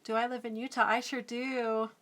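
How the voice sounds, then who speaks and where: Woman, middle-aged, slightly high voice, giggly, chatty live-stream artist. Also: flat delivery, moderate pace, fairly bright tone. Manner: chatty and giggly, reads and answers viewer comments. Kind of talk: casual live-stream chat while drawing.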